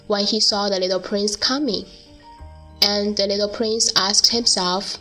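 A woman narrating a storybook in a slow, deliberate reading. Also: medium pitch, steady tone, sharp tone, soft background music, low-quality recording.

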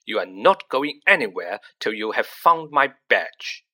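Reader doing a stuffy, self-important teen boy, long-suffering and prim, bright tone. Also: medium pitch, animated, measured pace. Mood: indignant. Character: pompous dignified teenage boy.

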